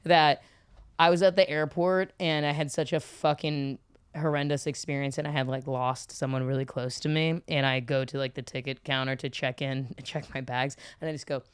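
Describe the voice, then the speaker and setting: A woman's voice: rumbling low, fairly even intonation, normal speed, clean tone, no echo. A woman co-hosting a podcast, telling chatty personal stories and laughing through them. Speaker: podcast co-host. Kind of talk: casual chat.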